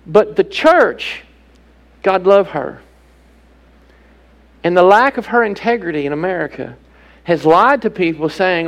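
A man with a high, gravelly voice delivers a sermon from the pulpit. He preaches with emphasis and keeps turning to his listeners with rhetorical questions. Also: measured pace, poor audio. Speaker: pastor.

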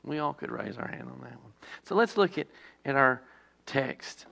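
A man, the pastor, preaching a sermon with emphasis, putting rhetorical questions to his listeners and mixing loud stressed words with quieter, slower asides. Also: mid-range voice, animated, vocal fry.

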